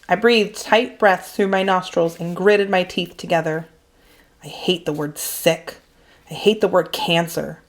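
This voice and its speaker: A woman teacher reading a children's novel aloud in a calm, measured narration. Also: on the low side. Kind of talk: storybook read-aloud.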